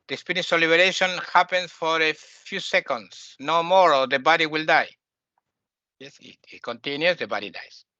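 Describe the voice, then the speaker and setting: A man's voice: a little high, bright, forceful tone, dry recording, highs cut off. A man with as his giving a spiritual lesson, repeating key phrases emphatically with phrasing. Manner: emphatic, repetitive teaching, non-native phrasing. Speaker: spiritual teacher. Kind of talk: spoken lesson.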